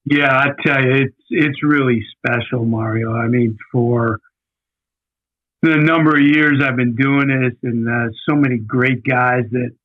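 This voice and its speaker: A man's voice: medium pitch, fairly even intonation, measured pace. A man in his sixties, a guest coach, telling his career story in a rambling, conversational way, repeating words as he recalls. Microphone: phone call. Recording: tinny phone line.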